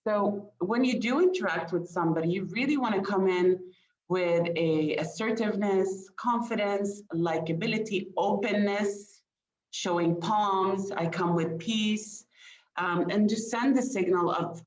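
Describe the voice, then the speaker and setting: A woman communication expert giving a webinar presentation, engaging her audience with questions and light laughter. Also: medium pitch. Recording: roomy, dull lo-fi sound.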